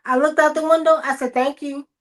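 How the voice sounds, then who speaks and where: A woman, telling stories casually on a video call livestream, animated, loudly acting out the quotes. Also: high-pitched, fairly quick. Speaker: guest.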